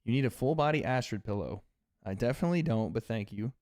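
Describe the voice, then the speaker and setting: Lounging on a couch at home without his usual setup, a Tennessee man runs a livestream, laid-back and profane, chatting with viewers and reading out donations. He talks fast in a mid-range, darkish voice with lively intonation, recorded at studio quality with no echo.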